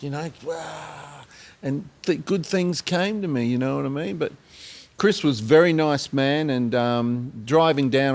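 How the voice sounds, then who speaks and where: An Australian man, a singer-songwriter guest, telling rambling anecdotes with many pauses and acted-out quotes. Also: mid-range voice. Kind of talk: storytelling in a podcast interview.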